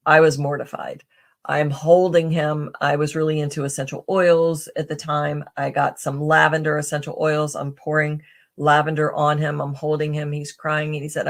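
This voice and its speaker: A woman's voice: sits low, level tone, normal speed. A woman guest on a podcast, telling personal stories in a casual, rambling way with many fillers and restarts. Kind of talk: casual conversational storytelling.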